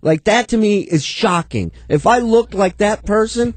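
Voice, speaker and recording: A man's voice: high-pitched, expressive, a little slow, dry recording. A man co-hosting a radio show, ranting crudely and indignantly in casual banter. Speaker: radio co-host.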